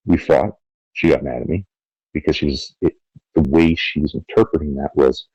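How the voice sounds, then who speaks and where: A man's voice: extremely low pitch, a little fast, no room sound, lo-fi sound. A middle-aged man talking bluntly and profanely as a podcast guest, acting out quotes in his stories. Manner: blunt, profane, animated storytelling with acted-out quotes. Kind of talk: candid interview talk.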